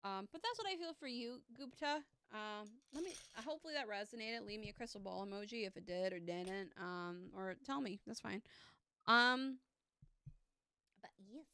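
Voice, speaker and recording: A woman's voice: medium pitch, moderate pace, sharp tone, clear, resonant tone. A woman in her thirties chatting casually on a live stream as a tarot reader. She rambles and teases herself, with lots of fillers and restarts. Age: 30s. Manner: rambling and self-teasing, with many fillers and restarts.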